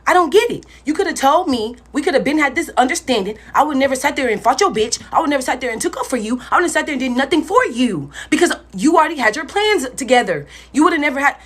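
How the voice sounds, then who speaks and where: A woman's voice: sits high, expressive, fast, hardly any pauses, a bit bright. A young woman telling a personal story in a casual storytime vlog, blunt and profane, talking straight to her viewers.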